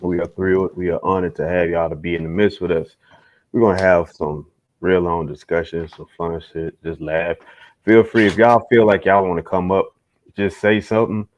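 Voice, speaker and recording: A man's voice: deep voice, level tone, fairly quick, dull audio, a little hiss or hum. A young man hosting a casual livestream chat, laid-back, swearing freely and laughing often. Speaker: host.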